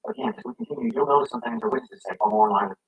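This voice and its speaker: A man's voice: lowish voice, huge pitch swings, very fast, phone-quality sound. A man reading scripted commentary and building his case through rhetorical questions. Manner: argumentative, poses rhetorical questions. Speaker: commentary narrator.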